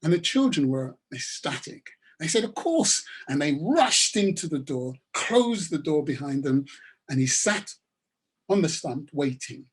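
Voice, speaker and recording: A man's voice: a little high, very animated, a little slow, slightly rough. A man giving a webinar talk and telling a story in an emphatic, repetitive manner. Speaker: webinar speaker.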